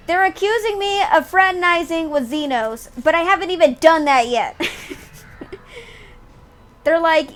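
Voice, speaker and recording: A woman's voice: very high-pitched, animated, unhurried, pauses often. A young woman at home giving chatty, giggly live commentary while she plays a game. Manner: giggly, chatty, reacts with bursts of laughter. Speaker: game streamer.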